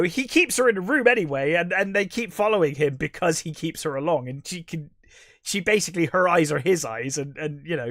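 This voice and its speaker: A man's voice: a little high, a bit bright, dry recording, studio quality. A man co-hosting a podcast, giving a casual, rambling film review that turns bluntly critical and exasperated. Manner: rambling, restarts mid-sentence. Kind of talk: casual movie review chat.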